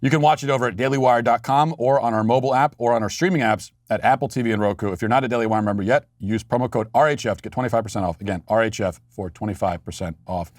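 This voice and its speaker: A man's voice: mid-range voice, quick pace, hardly any pauses, dry recording. A man hosting a podcast, delivering a political commentary monologue with sarcastic, mocking asides and frequent restarts. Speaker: podcast host.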